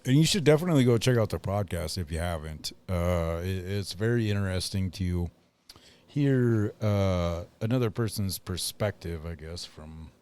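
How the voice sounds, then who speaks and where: A man's voice: deep voice, expressive, moderate pace, a little mellow. A man hosting a casual podcast, rambling with lots of fillers and laughing often. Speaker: podcast host.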